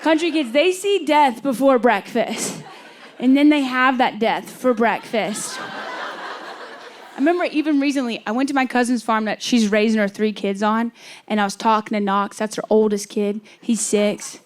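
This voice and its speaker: A woman's voice: on the high side, moderate pace, slight background noise. A young woman from Kentucky performing a stand-up comedy set, telling a story with playful quoted voices. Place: comedy club stage with audience.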